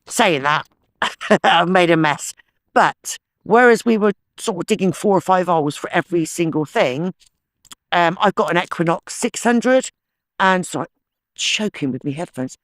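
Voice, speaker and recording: A man's voice: high-pitched, normal speed, a bit bright, no room sound. A man with a chatty, enthusiastic manner, talking to himself and the viewers while metal detecting in a sloping farm field. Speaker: metal detecting channel host. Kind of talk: casual outdoor vlog chat.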